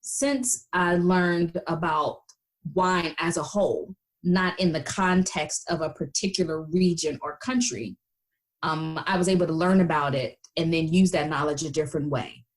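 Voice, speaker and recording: American woman, lowish voice, chatty, filler-heavy, interview guest. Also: steady tone, measured pace. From United States. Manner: chatty, many fillers, acts out quoted voices. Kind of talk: casual interview chat.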